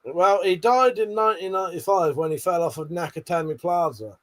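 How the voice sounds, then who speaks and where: A man's voice: sits high, a little fast. A man hosting a late-night livestream, chatting with viewers while he swears a lot, laughs often and bickers. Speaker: livestream host.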